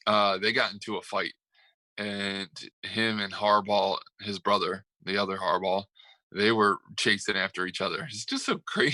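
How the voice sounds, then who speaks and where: A man's voice: lowish voice, bright, forceful tone, no room sound, rough recording. A man co-hosting a casual sports talk show, telling stories in a rambling way with lots of fillers and laughs. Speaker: sports podcast co-host.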